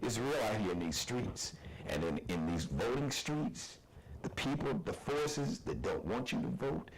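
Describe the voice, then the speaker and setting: A man's voice: lowish voice, animated, a little slow, a little hiss or hum, rough recording. A man hosting a live online talk show, delivering a passionate, preachy monologue. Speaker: host.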